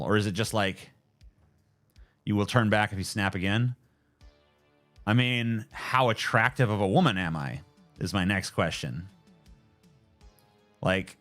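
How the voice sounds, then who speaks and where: Low-voiced joking male streamer. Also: moderate pace, long pauses, fairly bright tone, faint music behind. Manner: joking, profane, laid-back. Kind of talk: casual live-stream chat.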